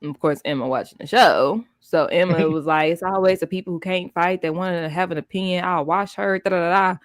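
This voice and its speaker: A woman's voice: on the low side, a little fast, no echo. Chatty woman co-host, dry close sound. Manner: chatty, recaps episodes, trails off and restarts. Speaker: livestream co-host. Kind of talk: casual livestream chat.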